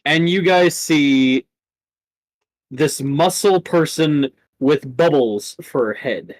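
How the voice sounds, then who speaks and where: A man's voice: on the high side, slow, dry recording, low-quality recording. A man running a tabletop role-playing game, narrating casually with swearing and frequent laughter. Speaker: game master.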